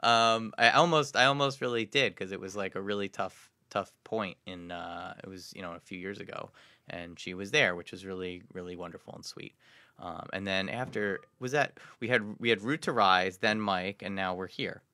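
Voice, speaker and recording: A man co-hosting a casual local podcast, rambling with many restarts and trailing off quietly. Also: low voice, fairly even intonation, normal speed, no room sound. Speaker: podcast co-host. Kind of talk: casual chat.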